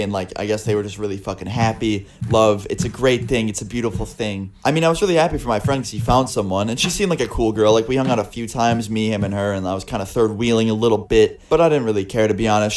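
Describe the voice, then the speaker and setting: A man's voice: lowish voice, darkish tone. A young man telling personal stories to his viewers in a casual, profane way, with a lot of filler words. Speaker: storytelling vlogger. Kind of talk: casual storytelling monologue.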